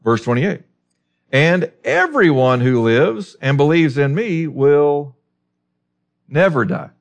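Lively, emphatic male preacher. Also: fairly high pitch, takes it slowly. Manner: lively, emphatic Bible teaching with rhetorical questions. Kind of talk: sermon.

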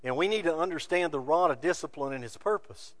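A man preaching a sermon from scripture, building to loud emphatic peaks and dropping to quiet asides. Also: on the high side, expressive, a little fast, no room sound. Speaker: pastor.

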